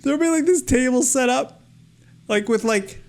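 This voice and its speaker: A man co-hosting a podcast, telling stories in a casual, animated, mock-exasperated way. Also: extremely high pitch, normal speed. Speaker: podcast co-host. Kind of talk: casual chat. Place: Florida.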